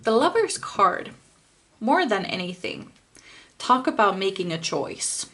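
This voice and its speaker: A woman's voice: mid-range voice, sing-song, slow, a bit bright. A woman giving a pick-a-card tarot reading, speaking straight to the viewer, blunt and impassioned, swearing freely.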